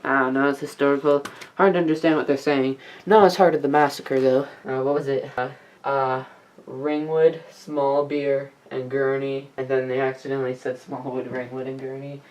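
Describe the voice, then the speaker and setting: Teen girl, home vlogger, low dark voice, chatty and rambling, lots of asides. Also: level tone, normal speed, rough recording. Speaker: YouTuber reviewing DVDs. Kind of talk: casual vlog review.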